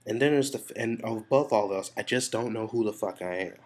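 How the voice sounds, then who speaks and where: A man's voice: lowish voice, a little fast. A man talking to camera in a frank, rambling confessional vlog, stressed and frustrated, swearing freely as he talks things through. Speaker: vlogger.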